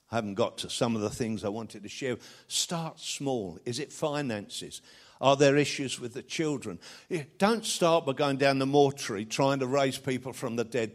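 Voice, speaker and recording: A middle-aged man preaching a sermon, reciting scripture loudly and dropping his voice for a story. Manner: animated, rising to loud scripture recitation then dropping low for a story.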